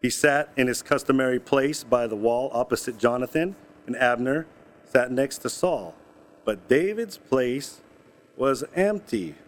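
A man's voice: medium pitch, expressive, measured pace. A man preaching a sermon, reading scripture and explaining it in a casual, conversational way with asides and jokes. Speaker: pastor.

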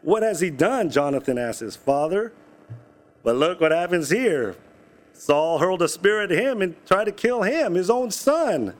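Male pastor, sermon, scripture reading, conversational, jokey asides, fairly high voice. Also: expressive, unhurried. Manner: casual and conversational, with asides and jokes.

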